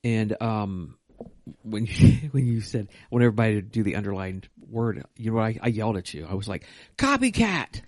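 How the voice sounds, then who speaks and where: A man co-hosting a podcast, chatting casually in an animated, joking way. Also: lowish voice, dry recording. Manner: animated, joking, quick to laugh. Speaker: podcast co-host. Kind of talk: casual chat.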